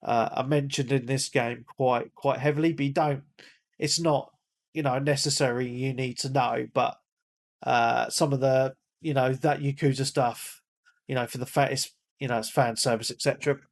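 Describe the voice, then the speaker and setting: A man co-hosting a gaming podcast in casual chat, rambling and repeating himself, hoarse as he loses his voice. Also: mid-range voice, steady tone, normal speed. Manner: rambling, repeats words, calls himself a big nerd. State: losing his voice, coughing. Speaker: podcast co-host.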